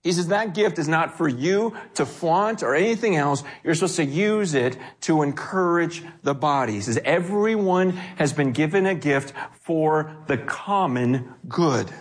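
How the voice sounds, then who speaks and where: A man preaching a sermon in a conversational, animated way, acting out quotes and often restarting his sentences. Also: a little high, measured pace, hardly any pauses. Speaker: pastor.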